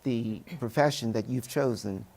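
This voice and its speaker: An older man, a Broadway actor giving a studio interview, speaking in measured, oratorical phrases. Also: mid-range voice, vocal fry, a little mellow.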